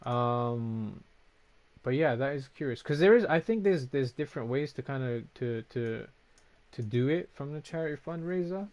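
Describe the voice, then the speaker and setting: A man's voice: mid-range voice, expressive, moderate pace, a little mellow. Casual swearing male game streamer. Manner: casual, swears often, reacts to chat. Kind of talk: casual chat reading stream comments.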